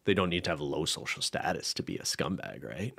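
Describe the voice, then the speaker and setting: A man's voice: rumbling low, sing-song, fairly quick, creaky, sharp tone, slightly rough. Playful Canadian man co-hosting a podcast. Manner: playful, teasing, laughs often. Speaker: podcast co-host. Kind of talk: casual chat.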